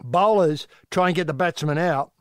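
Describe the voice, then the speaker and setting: Male co-host, deadpan comic patter, high voice, dry studio. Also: normal speed, smooth, no echo. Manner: deadpan, mock-sympathetic. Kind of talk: comedic sports banter.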